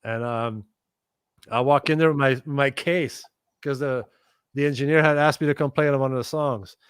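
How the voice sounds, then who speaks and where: A middle-aged guest musician spins stories in casual conversation, animated, swearing freely and acting out what others said. His medium-pitched voice is clear and resonant, at normal speed, in a dry recording.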